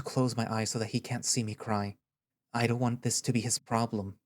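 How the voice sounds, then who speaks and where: A man giving a measured, reflective first-person narration of an audio story. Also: medium pitch, level tone, dry recording.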